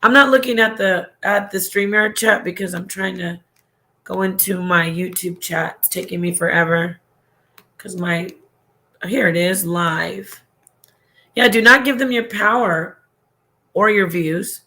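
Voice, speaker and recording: A middle-aged woman hosting a casual livestream, reading her chat and talking warmly, often trailing off and restarting her sentences. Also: medium pitch, measured pace. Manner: chatty, affectionate, trailing off and restarting. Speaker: livestream host.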